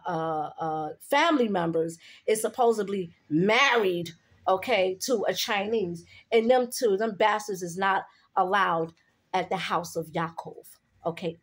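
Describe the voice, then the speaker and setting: A woman delivering an emphatic preaching monologue, repeating herself and ending lines with a questioning "okay?". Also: mid-range voice. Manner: repeats words and restarts when heated. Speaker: religious video host.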